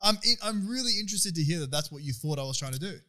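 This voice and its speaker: Excitable guy on a podcast, talks fast, bright voice, lots of swearing. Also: high-pitched. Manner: excitable, animated, quick to protest. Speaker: podcast co-host. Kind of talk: casual banter with swearing.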